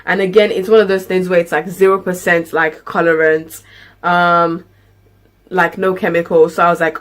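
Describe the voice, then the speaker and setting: A woman's voice: lowish voice, moderate pace. A young woman vlogging at home, chatting through a grocery haul in a rambling, filler-heavy way. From United Kingdom. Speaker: lifestyle vlogger. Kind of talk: casual grocery haul chat.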